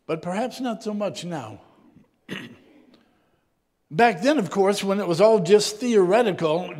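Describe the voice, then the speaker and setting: A man reading scripture and preaching a reflective sermon, often clearing his throat, his voice sometimes dropping low and soft. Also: long reverb tail.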